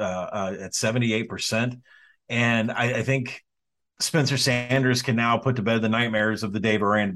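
Betting podcast co-host, calm numbers guy, ordinary pitch. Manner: measured, stats-heavy. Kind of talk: casual sports betting analysis.

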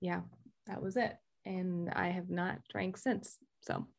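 A woman telling a candid personal story, halting and restarting often with fillers. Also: lowish voice, little pitch movement, creaky. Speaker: guest sharing recovery story.

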